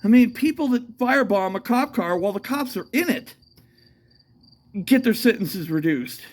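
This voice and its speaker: A man's voice: high voice, animated, moderate pace. A man talking in a casual, meandering monologue, swearing often and restarting his sentences with lots of fillers. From United States. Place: outdoors at night.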